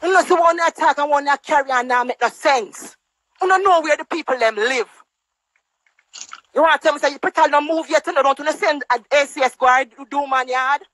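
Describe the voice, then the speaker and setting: A woman's voice: brisk, fairly bright tone, no room sound, rough recording. Fiery Jamaican woman ranting on a live. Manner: angry, scolding, mocking quotes in higher voice. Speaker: guest on a social media live. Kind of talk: heated live-stream rant. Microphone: phone on a live stream.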